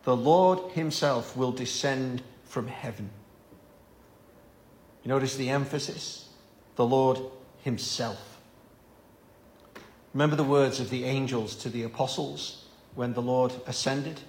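A man's voice: medium pitch, fairly even intonation, measured pace, a little mellow, roomy sound. A man preaching an evening Bible-study sermon, earnest and given to repeating words as he stresses a point.

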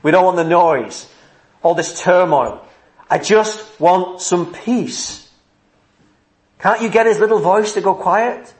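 A man playing an irritable householder who complains and pleads for peace and quiet. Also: high voice, slow pace, pauses often. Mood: exasperated. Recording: roomy echo.

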